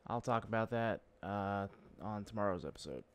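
A man hosting a gaming channel rambles chattily while playing a video game, poking fun at himself in casual let's-play commentary. His voice is on the low side, clear and resonant, at a moderate pace.

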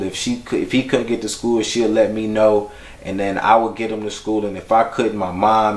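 A man with a fairly low voice talks through memories in a relaxed, slangy, heartfelt way. His words carry a noticeable roomy echo, like a documentary interview recorded in an open space. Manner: casual, reflective, heartfelt, slangy. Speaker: bereaved father recalling his son. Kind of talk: documentary interview, personal storytelling.

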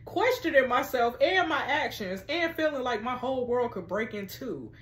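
A woman's voice: fairly high pitch, animated, moderate pace, fairly bright tone. A woman reading out the text messages of an anxious, suspicious girlfriend, in a roomy, echoey space. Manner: read aloud from text messages. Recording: roomy echo.

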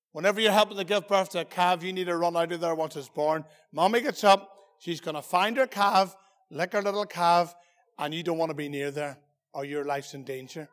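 A man's voice: sits high, fairly bright tone, in a large hall. A man with a Northern Irish accent, a preacher giving a playful children's talk in a church service, telling stories and asking the children questions. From Northern Ireland. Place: church hall.

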